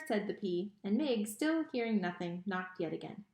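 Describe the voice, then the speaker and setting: A woman's voice: on the low side, normal speed, darkish tone. A woman reading a children's novel aloud, breaking off for chatty, giggly asides, recorded in an echoey room. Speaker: book reader.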